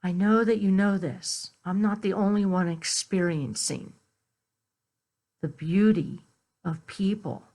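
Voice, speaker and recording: A woman minister in her fifties speaks slowly and unhurriedly, at an ordinary pitch for a woman. She gently tells a Bible story, then turns to easy, chatty asides with her congregation. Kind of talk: sermon.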